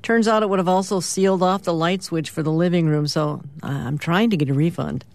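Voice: medium pitch, fairly even intonation, brisk, lightly acted. A radio host reading a comic strip aloud, voicing a sheepish suburban husband who explains himself a little slyly.

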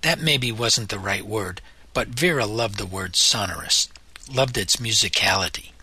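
A man narrating a novel in a measured storytelling manner. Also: fairly low pitch, sharp tone, slightly rough. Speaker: audiobook narrator. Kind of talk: scripted narration.

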